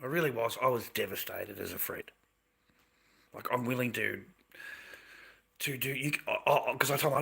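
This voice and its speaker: A middle-aged livestream host rambles through long, loose stories packed with swearing and slang. His lowish voice moves at a moderate pace, creaky with a breathy edge, pushed and bright, and he pauses often.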